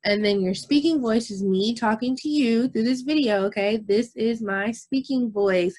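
A woman music teacher, talking young children through a recorded lesson and checking in with them often. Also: a little high. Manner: slow, patient, repeats herself and checks with "okay?"; demonstrates whispering and shouting voices.

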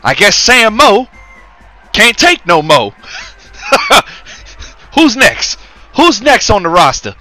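A man's voice: sits high, wildly swooping pitch, slow pace, pauses often, pushed and bright, soft background music, exaggerated voice. A man voicing a cocky heavyweight boxer, commentating a game in character with taunting, rhyming trash talk. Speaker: gaming commentator.

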